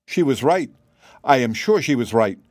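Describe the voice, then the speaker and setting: A man's voice: medium pitch, normal speed, no echo, clean studio sound, natural voice. A man voicing a gloomy, despairing man hiding away under a curse of ugliness, with a sad, hollow voice. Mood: wailing. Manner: wailing, gloomy.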